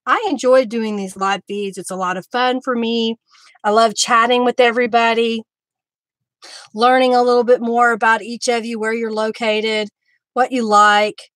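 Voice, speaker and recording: A woman hosting a live craft stream, chatting warmly with viewers by name as she works. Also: on the high side, level tone, moderate pace, dry recording. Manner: friendly, talks to viewers by name while working.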